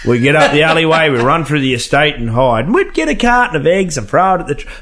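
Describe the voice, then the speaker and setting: A man's voice: fairly high pitch, sing-song, quick pace, a bit bright. An Australian man in casual chat, telling a rambling pub story with lots of swearing and fillers. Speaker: guest storyteller.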